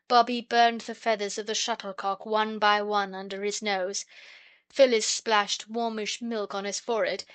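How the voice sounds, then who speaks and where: Woman audiobook narrator, steady and clear, mid pitch, dry close recording. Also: no echo. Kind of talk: storybook narration.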